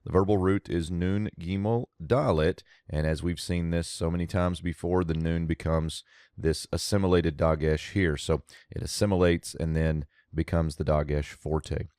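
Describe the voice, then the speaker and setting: A man's voice: deep voice, fairly even intonation, normal speed, a little mellow, smooth, no room sound, studio quality. A man giving a methodical verse-by-verse Biblical Hebrew grammar lesson, explaining as he goes and thinking aloud.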